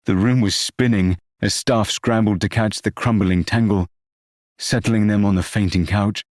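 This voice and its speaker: A man narrating an audiobook novel in a measured, expressive reading. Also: lowish voice, dry recording, clean studio sound.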